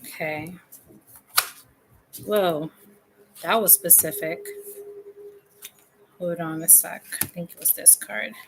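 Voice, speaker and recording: A woman's voice: fairly low pitch, takes it slowly, gravelly, long pauses. A woman giving a casual tarot reading to camera at home, chatty and informal with loose fillers. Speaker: tarot reader. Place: room at home with a fan. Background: faint renovation noise from upstairs.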